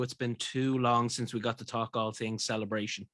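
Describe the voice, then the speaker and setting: A young Irish man, a guest on an interview show, telling his story in a relaxed, reflective way. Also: mid-range voice, normal speed, dry recording, clean studio sound. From Ireland. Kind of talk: casual interview chat.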